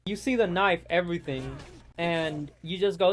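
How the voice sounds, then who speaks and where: A man's voice: on the high side, unhurried, noisy background. A man ranting casually and profanely over gameplay, rambling from one gripe to the next. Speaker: gaming vlogger.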